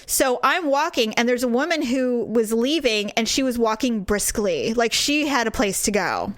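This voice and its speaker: A woman podcast host with a fairly high voice that swoops up and down as she retells a story with indignant energy. Her talk is casual, and the studio sound is close and dry, with no room around it. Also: normal speed, no room sound. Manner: animated, indignant venting with vivid retelling.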